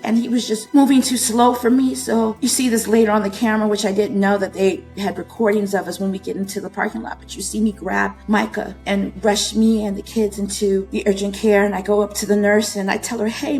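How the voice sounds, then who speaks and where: A woman in her thirties telling a painful personal story in an interview, her voice often breaking with emotion. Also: a little mellow. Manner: tearful, voice breaking and rising into high emotion.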